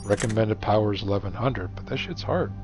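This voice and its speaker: Profane, low-voiced middle-aged man gaming. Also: fairly quick. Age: 40s or 50s. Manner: profane, rambling, wisecracking. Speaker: gamer streaming. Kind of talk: casual rambling gaming chat. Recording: dull lo-fi recording, faint music.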